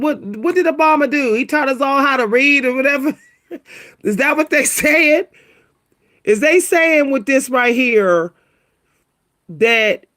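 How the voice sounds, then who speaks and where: A woman hosting a casual livestream, talking to her viewers, laughing often and exclaiming in a high squeal. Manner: animated, keeps exclaiming "what?" in a high squeal; laughs between remarks, talks to viewers as "y'all". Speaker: livestream host reacting to pictures.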